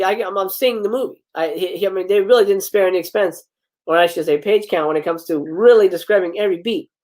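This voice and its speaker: Man reading a script aloud live. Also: high voice. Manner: reads stage directions then breaks off into casual commentary to viewers. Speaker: livestream host. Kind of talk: live script read-aloud with chatty asides.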